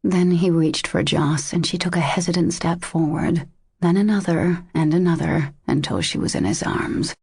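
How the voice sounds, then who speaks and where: A woman narrating a romance audiobook in a steady, measured way. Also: lowish voice, gravelly, husky, no echo. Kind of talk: scripted narration.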